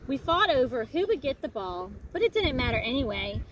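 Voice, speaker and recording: A woman reads a children's picture book aloud with lively, expressive delivery. Her voice sits high and moves around a lot, in a noisy outdoor recording by a lakefront. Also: a little fast. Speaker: storybook reader.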